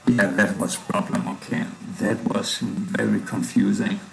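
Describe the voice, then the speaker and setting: A man's voice: on the low side, flat delivery, a little slow, gravelly, a little hiss or hum, rough recording. A man with a German accent, casually thinking aloud while coding on a livestream, with hard consonants. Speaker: livestreaming programmer.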